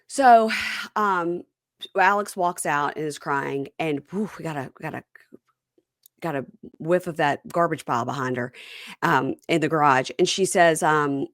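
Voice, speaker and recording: A woman hosting a casual chat, retelling scenes and acting out quotes, often leaping into high, sarcastic lines. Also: moderate pace, dry recording, studio quality. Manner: animated retelling, acts out quotes with sudden high sarcastic jumps. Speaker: podcast host recapping a reality show.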